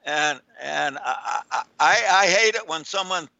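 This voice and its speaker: A man hosting a radio show, chatting excitably and laughing easily, heard as dull lo-fi radio audio. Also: on the high side, unhurried, creaky, no room sound. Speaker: radio show host and author. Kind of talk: casual radio chat.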